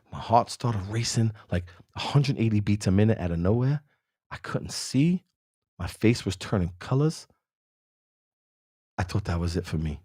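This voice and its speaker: A podcast host earnestly shares a motivational personal story, speaking casually and with slang while addressing the listener by name. His voice is on the low side and warm, captured in clean studio sound with no room noise.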